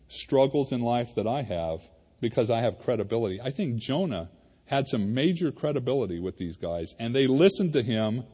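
A male pastor preaching a sermon in a church, conversational and animated, talking to the congregation like friends. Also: mid-range voice, breathy edge. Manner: conversational and animated, addressing the congregation as "you guys". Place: church sanctuary. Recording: reverberant hall.

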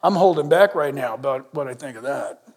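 A middle-aged man preaching a sermon as pastor, animated and humorous, dropping at times to a hush. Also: medium pitch, a little fast. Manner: animated, humorous, shifts between loud and hushed. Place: church sanctuary. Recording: long reverb in a large hall.

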